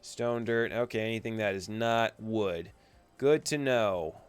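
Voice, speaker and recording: A man's voice: lowish voice, unhurried, clear, resonant tone, soft background music. A young man giving a screen-recorded tutorial, narrating each click with chatty, playful asides. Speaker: coding instructor.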